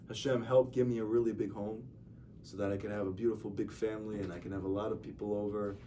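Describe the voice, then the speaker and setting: Rabbi lecturing a class in a low, conversational voice, acting out anecdotes, heard from a distance with light noise. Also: male voice, dark tone. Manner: conversational, tells stories and acts out dialogue. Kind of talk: informal religious lecture. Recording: distant mic with faint noise.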